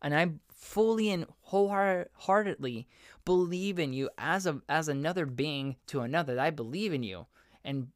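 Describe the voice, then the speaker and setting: A man's voice: fairly high pitch, moderate pace, no room sound, studio quality. A man hosting his own podcast, talking earnestly and rambling as he corrects himself mid-sentence. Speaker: podcast host and voiceover artist. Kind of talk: casual solo podcast monologue.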